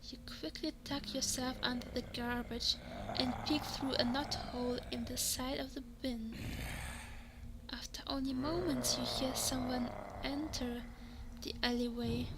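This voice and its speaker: A woman's voice: sits high, steady tone, measured pace, very noisy. A woman reading a text adventure game aloud in second person, sometimes dropping to a whisper. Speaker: game narrator. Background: background music.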